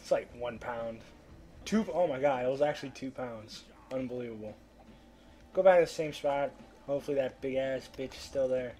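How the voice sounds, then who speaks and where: A man's voice: mid-range voice, normal speed, dark tone, a little hiss or hum. A man giving casual let's-play commentary, swearing and trash-talking the fish as he pleads with them to bite. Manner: profane, trash-talks the fish; coaxing and pleading, then frustrated. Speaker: gameplay commentator.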